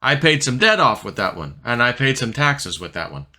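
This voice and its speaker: A man talks through a loose, wandering crypto vlog monologue. His voice is bright and forward, and his pitch sits mid-range for a man. He keeps looping back on himself with easy filler words. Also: sing-song, moderate pace. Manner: rambling, filler-heavy, restless talk. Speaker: crypto vlogger. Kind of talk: casual storytelling monologue.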